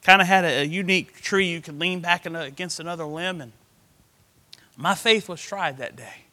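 A middle-aged man, preaching a sermon through a personal story, swinging from hushed to loud. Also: fairly high pitch, normal speed, big-room sound.

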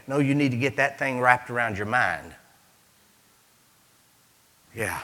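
A man preaching a sermon as pastor, animated, with sudden swings between loud emphasis and hushed asides. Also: mid-range voice, moderate pace.

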